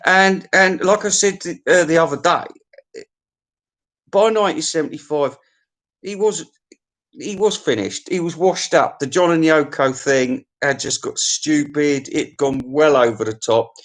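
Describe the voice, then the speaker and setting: A man's voice: on the high side, measured pace. A man, hosting a music countdown in a rambling, opinionated comic monologue full of swearing, restarts and stammers.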